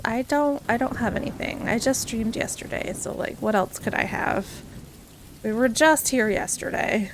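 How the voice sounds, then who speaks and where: A young woman hosts a live stream in a bright, high voice, taking her time as she chats. She greets viewers by name, laughs easily and keeps a bubbly, friendly flow of casual talk. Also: a little hiss or hum. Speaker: variety streamer.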